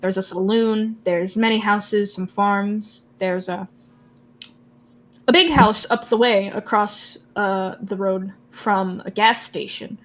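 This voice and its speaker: A woman runs a tabletop game, describing the scene in a loose, chatty way. She giggles between lines and fills pauses with ums. Her delivery is unhurried and casual. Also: mid-range voice, steady tone, fairly bright tone. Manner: giggly, loose, filler-heavy. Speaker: game master.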